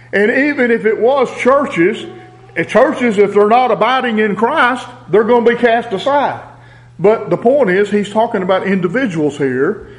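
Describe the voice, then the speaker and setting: A man preaching a sermon, reading scripture aloud in a deliberate, emphatic way. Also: high-pitched, rough recording.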